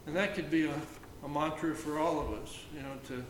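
Man, slightly higher voice, unhurried and halting, leading a casual scripture reading; echoey room, faint background noise. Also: steady tone, distant mic. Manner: halting, many fillers and restarts, reads scripture slowly. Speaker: Bible study leader. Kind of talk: informal Bible reading and reflection.

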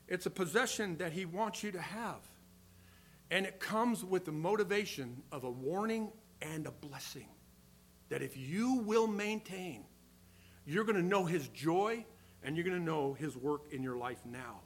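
An older man preaching a sermon, earnest, swinging between loud emphasis and quiet asides. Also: on the high side, lively intonation, measured pace. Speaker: pastor.

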